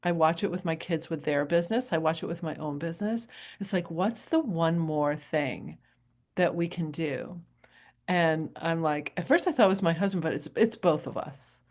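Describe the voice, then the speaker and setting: A middle-aged woman from New Hampshire talks to camera as a coach in a loose, rambling way. Her voice sits a little low for a woman. She laughs easily and drifts between advice and stories. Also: fairly quick, a little mellow. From New Hampshire, USA. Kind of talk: casual motivational talk to camera.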